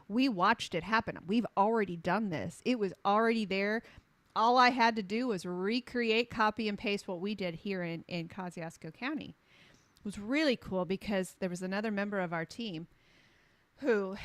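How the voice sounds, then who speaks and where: A woman's voice: mid-range voice, no echo. A middle-aged woman, a health coach talking with passion. She hammers points home by repeating them and acts out quotes as she tells stories. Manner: emphatic, repeats phrases for punch; animated storyteller acting out quotes. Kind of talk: impassioned conversational advocacy.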